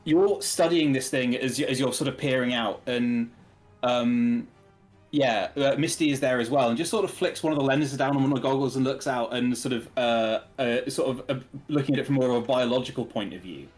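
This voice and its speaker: A man narrating as game master of a tabletop game, talking with many pauses and fillers. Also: mid-range voice, soft background music. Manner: hesitant, many ums and uhs.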